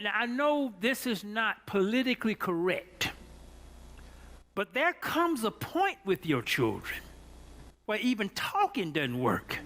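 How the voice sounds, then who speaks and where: Male preacher, unhurried, lively swings from hush to shout. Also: very high-pitched, a little hiss or hum. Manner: folksy storytelling preacher, building from soft to shouted. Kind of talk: sermon.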